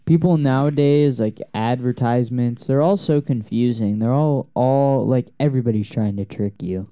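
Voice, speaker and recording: A man's voice: medium pitch, normal speed, smooth. A man co-hosting a comedy podcast, riffing with goofy, playful banter. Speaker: podcast co-host. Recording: dull lo-fi recording.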